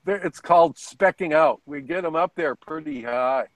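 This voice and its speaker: A man's voice: a little high, normal speed, rough recording. A man on a video call, chatting casually and rambling through anecdotes with chuckles. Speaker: guest on a hobby video hangout. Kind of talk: casual storytelling chat.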